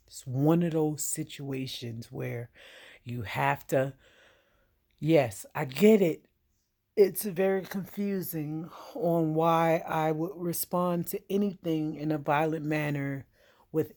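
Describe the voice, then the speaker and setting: A woman's voice: sits low, darkish tone. A woman and veteran speaking straight to the viewer, giving direct, emphatic advice in an earnest monologue. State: getting emotional.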